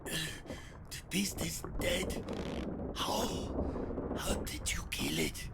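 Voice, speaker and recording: An actor playing a badly wounded sailor who is dying and delirious, speaking in weak, broken, gasping lines that are partly unvoiced. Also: male voice, on the high side, wildly swooping pitch, extremely slow, very noisy, heavily acted. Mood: delirious pain. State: gravely injured, dying.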